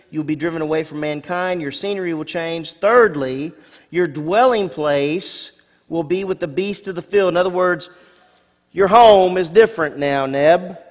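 Male pastor, slightly high voice, expressive sermon delivery with punchy emphasis and friendly asides; church hall reverb. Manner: expressive preacher, rising emphasis on key words, asides to congregation.

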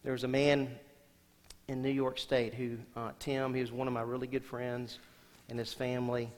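A man preaching a sermon as senior pastor, asking the congregation questions and swinging between loud emphatic lines and quiet soft ones. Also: mid-range voice, level tone, moderate pace, slight background noise. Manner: asks the congregation rhetorical questions. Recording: long hall reverb.

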